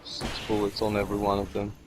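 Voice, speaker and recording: A man's voice: on the low side, monotone, fast, music in the background, low-quality recording. A man who is not a native English speaker, rambling and joking as he comments on his gameplay. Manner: rambling, jokey, talks to himself. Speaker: let's play commentator.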